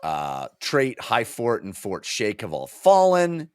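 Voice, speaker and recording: A man's voice: medium pitch, wildly swooping pitch, takes it slowly, clean tone, dry recording, studio quality. A man co-hosting a podcast, retelling a book's scenes in casual, enthusiastic chat with plenty of fillers and restarts. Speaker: podcast co-host. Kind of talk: casual book discussion.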